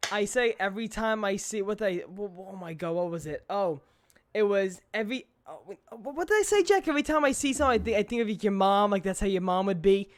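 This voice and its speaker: A man's voice: sits high, animated, quick pace. A young man chatting casually on a podcast, rambling with stumbles and restarts. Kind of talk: casual chat.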